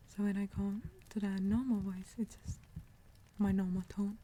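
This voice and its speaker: A woman whispering softly in an ASMR livestream, greeting viewers and answering chat, often sinking into a relaxed, lower voice. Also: normal speed, slight background noise. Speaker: livestream host.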